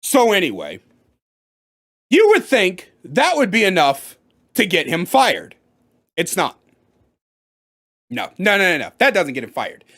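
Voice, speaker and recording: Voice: mid-range voice, a little slow, long pauses. A storyteller recounting a workplace story in a storytime vlog, emphatic and profane. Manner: animated, profane, emphatic retelling.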